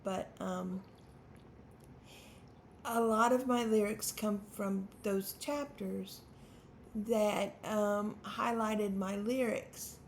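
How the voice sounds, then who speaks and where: A woman's voice: medium pitch, steady tone, very slow, long pauses, a little hiss or hum. A woman in her fifties, a songwriter hosting her own channel, talking unscripted to the camera in a nervous, stammering, self-deprecating way. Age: 50s.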